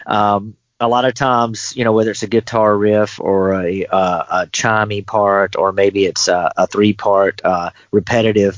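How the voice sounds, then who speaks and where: A man with a fairly low voice talks through his ideas in a thoughtful, meandering way, like a guest musician chatting in an interview. The sound is dry and a bit dull, as if from a lo-fi recording. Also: no room sound. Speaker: guest guitarist. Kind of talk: casual interview talk.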